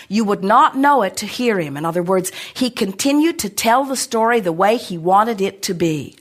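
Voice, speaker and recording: A middle-aged woman addresses a seminar audience with emphatic, animated conviction. She speaks of herself as "we" and drives each point home like a motivational teacher. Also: on the high side. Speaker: spiritual speaker answering an audience. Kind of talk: inspirational seminar talk.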